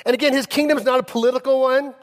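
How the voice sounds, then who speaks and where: A male pastor delivering a sermon, telling personal stories with emphasis and slowing down on key phrases. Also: very high voice, fairly even intonation. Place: church sanctuary. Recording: long reverb of a church hall.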